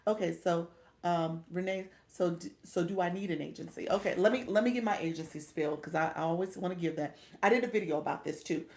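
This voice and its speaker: A woman's voice: on the low side, brisk, a little mellow. A middle-aged woman, chatting casually on a livestream as a coach and often laughing with viewers. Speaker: live coach.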